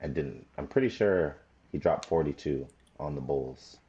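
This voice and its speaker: A man's voice: a bass voice, normal speed, muffled recording, crowd noise. A man co-hosting a casual basketball podcast, speaking in a laid-back, easygoing way. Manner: laid-back, laughs easily. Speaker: podcast co-host. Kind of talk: casual sports chat.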